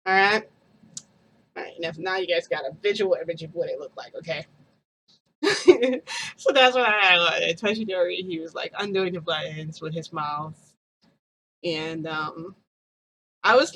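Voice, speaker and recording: A woman's voice: fairly low pitch, sharp tone, a little hiss or hum. A woman vlogger telling a story to her viewers in a chatty, gushing way, often giggling and calling them "guys".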